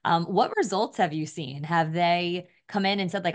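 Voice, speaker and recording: A woman's voice: on the low side, normal speed, few pauses. A woman co-hosting a podcast, chatty and upbeat as she interviews a guest. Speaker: podcast co-host.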